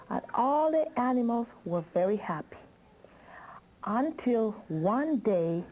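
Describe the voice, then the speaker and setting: A woman telling a children's story slowly and expressively, asking listeners questions. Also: medium pitch, mellow, slight background noise, rough recording.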